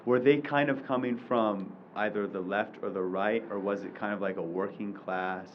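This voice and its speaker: A man's voice: lowish voice, steady tone, normal speed, muffled recording, slight background noise. A man in the audience asking a hesitant question full of fillers. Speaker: audience member.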